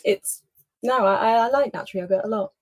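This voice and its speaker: Husky woman, dry close sound. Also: medium pitch, fast talker, no echo. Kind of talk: casual chat.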